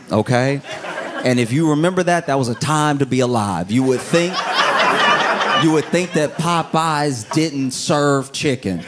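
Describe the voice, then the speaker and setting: A man's voice: mid-range voice, noisy background. Rambling, conversational male stand-up comic. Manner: conversational, rambling, with frequent asides. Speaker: stand-up comedian. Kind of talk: stand-up comedy set.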